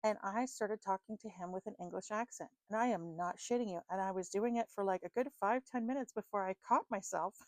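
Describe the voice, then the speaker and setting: Woman reader, casual ramble, quick laughs, close dry mic. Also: mid-range voice, a little mellow, no echo. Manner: chatty, self-deprecating, laughs often, many fillers. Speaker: tarot card reader.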